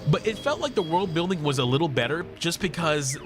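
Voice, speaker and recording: A man's voice: on the high side, animated, a little fast. A young man chatting casually while streaming a video game, joking, laughing often and swearing. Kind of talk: casual gameplay livestream chat. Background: game music.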